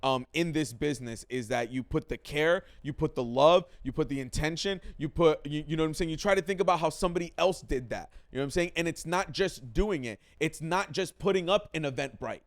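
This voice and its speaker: A man's voice: on the high side, brisk, hardly any pauses. A man hosting a casual podcast, talking emphatically, swearing freely and repeating himself for stress. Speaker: podcast host, comedian.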